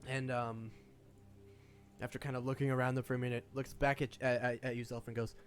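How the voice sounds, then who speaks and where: A man's voice: mid-range voice, level tone, fairly quick, soft background music. A man narrating as game master of an online tabletop game, laughing often and voicing the characters. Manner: laughing, voices the characters with restarts.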